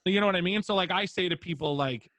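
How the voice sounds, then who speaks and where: A man's voice: sits high, quick pace, fairly bright tone, dry recording. A young man, a streamer guest on a podcast interview, talking casually with lots of fillers and free swearing. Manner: rambling, filler-heavy, swears freely.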